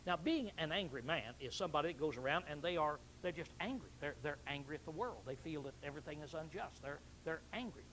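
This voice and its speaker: An older man delivers a homespun sermon with a slightly raised voice. He keeps clearing his throat and going back over his words, and a faint hiss of room noise sits under him. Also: a little high, animated, quick pace, hardly any pauses, fairly bright tone, rough recording. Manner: folksy, repeats phrases, clears throat often. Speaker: preacher.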